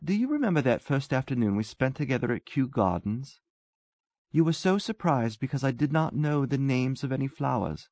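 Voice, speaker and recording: A man reading a story voices a wistful English gentleman who talks earnestly and tenderly. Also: mid-range voice, animated, normal speed, no echo, pitched above the performer's own voice.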